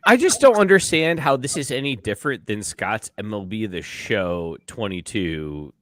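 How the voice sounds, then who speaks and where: A man co-hosting a casual podcast, animated and self-mocking, swearing casually. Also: on the low side, normal speed, no room sound. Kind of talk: casual chat.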